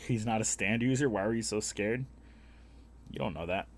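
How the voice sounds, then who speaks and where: Casting: young male streamer, lowish voice, crude and blunt, acts out the people in his stories. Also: moderate pace. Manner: blunt, heavily profane, animated retelling with voiced quotes. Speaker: live streamer. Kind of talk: casual storytelling while gaming.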